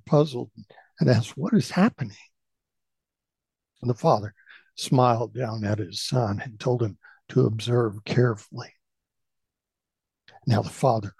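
Middle-aged man, radio storytelling host, gravelly, mellow, dry close sound. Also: mid-range voice, no echo. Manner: folksy, conversational storyteller.

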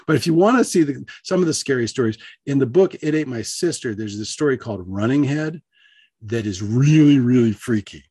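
A man telling a personal story aloud on the radio, animated, acting out the voices of the people in it. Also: fairly quick, husky, no echo, studio quality. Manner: animated, acts out voices with big pitch jumps.

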